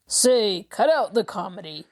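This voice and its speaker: A woman voicing a gruff, bossy male gang leader in an audiobook, growling out his orders. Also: medium pitch, lively intonation, measured pace, a little mellow. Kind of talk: audiobook character voice.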